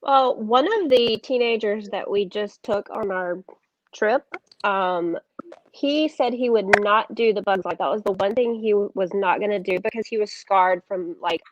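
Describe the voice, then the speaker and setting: A woman's voice: mid-range voice, unhurried, lo-fi sound, slight background noise. A woman in a casual chat, easygoing and laughing at her own stories.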